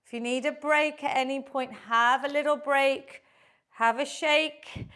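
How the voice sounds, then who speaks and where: A woman fitness instructor leads a live online workout class, coaching and encouraging through the moves while exercising herself, a little breathy. Her high-pitched voice is fairly bright, with a steady tone and measured pace.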